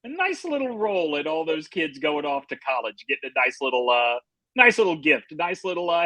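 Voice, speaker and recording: A man co-hosting a podcast, easygoing and playful, riffing on jokes and laughing along. His voice sits slightly high and is recorded dry and close. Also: big pitch swings, a little fast, pushed and bright, no room sound, low-quality recording. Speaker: podcast co-host. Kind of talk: casual chat.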